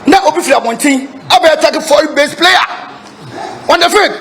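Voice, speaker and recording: A man's voice: extremely high pitch, a little fast, fairly bright tone, a little hiss or hum. A man with a Ghanaian accent speaking for football club supporters, emphatic, switching between Twi and English and repeating himself. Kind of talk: press statement to reporters.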